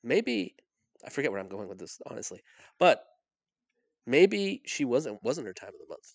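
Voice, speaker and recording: Gravelly man teasing a co-host. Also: medium pitch, very animated, moderate pace, no echo. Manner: wry reactions, playful teasing. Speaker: podcast co-host. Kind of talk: casual chat.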